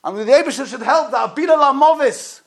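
Brief: man with a very high voice, impassioned sermon. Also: animated, quick pace. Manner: impassioned, swings from loud to hushed. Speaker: rabbi.

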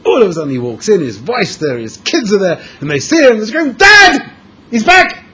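Animated high-voiced male preacher. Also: fast talker, a little hiss or hum. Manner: animated, dramatic storyteller, repeating words for emphasis. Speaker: speaker addressing a room of young men. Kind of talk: storytelling sermon. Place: room with an audience.

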